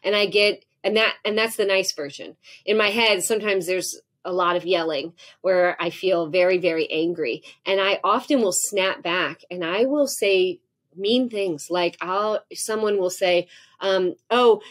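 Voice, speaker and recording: A woman's voice: on the low side, unhurried. A woman in her forties, a professor guest on a podcast, talking candidly and acting out heated exchanges as she tells stories. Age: 40s. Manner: animated storytelling, acts out heated exchanges with laughter.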